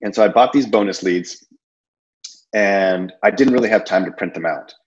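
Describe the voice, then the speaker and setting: In a dull-sounding recording, a man with a lowish voice talks at normal speed. He's an insurance sales presenter running a casual sales training session that rambles, with plenty of fillers and restarts.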